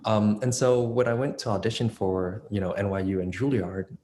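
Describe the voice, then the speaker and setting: A man's voice: on the low side, steady tone, normal speed, dark tone, slight background noise. A man in his thirties speaking as an interview guest, talking casually with many fillers and restarts. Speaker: interview guest, dance choreographer. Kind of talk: conversational interview.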